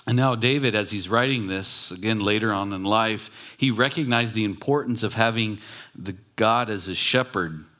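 Man, pastor, sermon, fairly low voice, conversational, emphatic, repeats phrases. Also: normal speed, pushed and bright. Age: adult with children. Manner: conversational, emphatic preaching with repetition.

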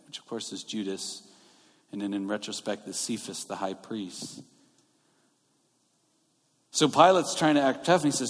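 A man's voice: medium pitch, normal speed, pauses often. Male pastor, conversational sermon delivery, mid-range voice, large echoing church sanctuary. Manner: conversational, explaining scripture verse by verse. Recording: long reverb of a large hall.

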